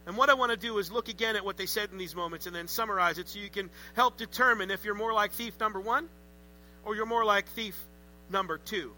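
Bright, high-voiced man preaching. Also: a little fast, slight background noise, rough recording. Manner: conversational, animated, joking asides. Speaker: pastor. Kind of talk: sermon.

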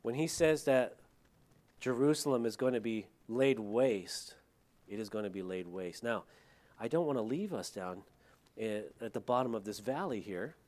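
Male pastor, mid-pitched, talky sermon delivery with wry asides. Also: animated, normal speed, a little mellow. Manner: conversational, with joking asides.

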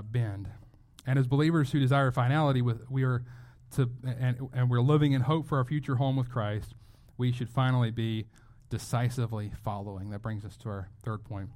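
A mid-pitched man preaches a sermon to his congregation. He speaks earnestly and leans hard on key phrases. He often stops and restarts his sentences as he goes. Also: fairly even intonation, normal speed, darkish tone. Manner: earnest, emphatic, with frequent restarts. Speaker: pastor.

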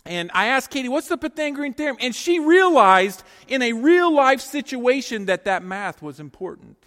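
A middle-aged man preaching a sermon to his congregation as their pastor. He tells stories in a lively, joking way and talks straight to the people in the pews. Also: very high-pitched, normal speed, long reverb tail. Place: church sanctuary.

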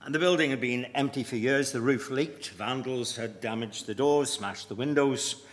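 A man preaching a sermon, deliberate and emphatic, with measured pauses. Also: medium pitch. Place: church. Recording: long reverb of a church hall.

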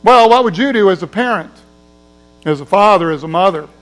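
A man's voice: high-pitched, expressive, fairly quick, a bit bright, poor audio. A man preaching a sermon in a conversational way, acting out the voices of people in his story. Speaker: pastor.

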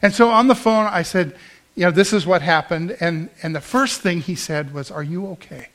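A man's voice: high voice, animated, moderate pace, fairly bright tone. A man in his fifties preaching a sermon, telling a personal story in an earnest, conversational way with frequent restarts.

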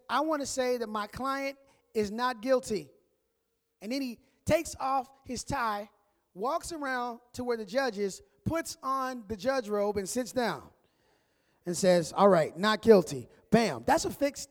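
A man preaching a sermon as a pastor, telling stories in a relaxed, conversational way and acting out voices. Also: high-pitched, big-room sound. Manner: conversational storytelling, acts out voices.

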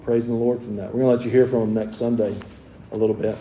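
A man's voice: lowish voice, flat delivery, quick pace, mellow, echoey room, a little hiss or hum. A man in his forties preaching a sermon as pastor, fervent at times and then chatting with the congregation. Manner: fervent preaching that shifts to friendly talk with the congregation. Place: church sanctuary.

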